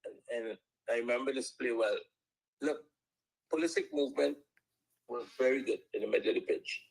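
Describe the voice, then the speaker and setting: A man's voice: medium pitch, a little fast, gravelly, poor audio. A man calling in to a football talk show, speaking hesitantly as he breaks down a play. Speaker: caller. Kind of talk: casual football analysis chat.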